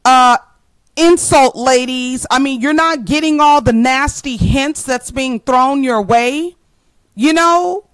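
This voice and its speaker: A woman's voice: high-pitched, slow, dry recording, poor audio. A woman in her forties giving an earnest motivational talk straight to her listeners, stressing points by repeating them. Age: 40s. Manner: emphatic, repeats key phrases for stress; addresses listeners as ladies, earnest and plainspoken. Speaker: motivational speaker. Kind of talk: direct-to-camera motivational talk.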